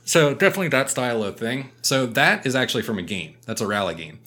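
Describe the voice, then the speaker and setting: A bright, forceful-sounding man telling a story to his friends in casual podcast chat. He swears freely and jumps into loud, animated impressions of the people he describes. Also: medium pitch, fast talker.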